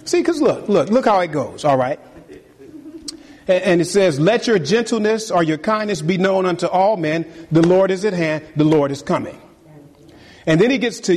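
A high-pitched man preaches in a church, his voice hanging in a long reverb. He speaks straight to the congregation and repeats his key words again and again for emphasis. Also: moderate pace. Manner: animated preaching, repeats phrases, talks to the congregation. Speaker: pastor. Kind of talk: sermon. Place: church sanctuary.

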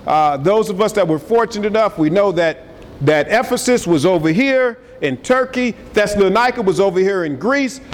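A man preaches a sermon in a church sanctuary, his high-pitched voice animated and his pace moderate. He's emphatic and calls out to the congregation. The recording carries the long reverb of a large hall and faint noise.

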